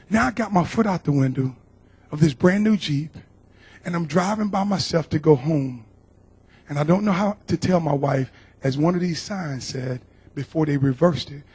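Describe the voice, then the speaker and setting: A man's voice: on the high side, moderate pace, long pauses, darkish tone, slightly rough. A middle-aged man from Georgia tells a personal testimony to a church congregation. He speaks earnestly and emotionally and often repeats his words. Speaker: guest speaker.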